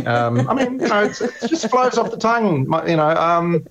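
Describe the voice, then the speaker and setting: Lively high-pitched New man. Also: normal speed, few pauses, a crowd in the background, low-quality recording. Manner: animated, exasperated, jokey. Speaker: panel guest, radio host. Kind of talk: talk radio panel chat.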